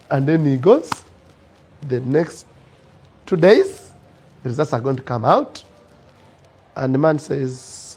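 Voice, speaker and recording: A man teaching a marriage preparation class, telling an animated story and acting out its voices. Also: mid-range voice, slow, long pauses, breathy edge, rough recording. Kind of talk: storytelling lesson.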